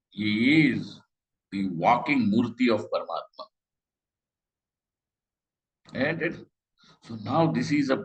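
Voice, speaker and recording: Bright-voiced man teaching scripture. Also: mid-range voice, rough recording. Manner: conversational, asks rhetorical questions, quotes Sanskrit slowly. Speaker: Vedanta teacher. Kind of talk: scriptural class lecture.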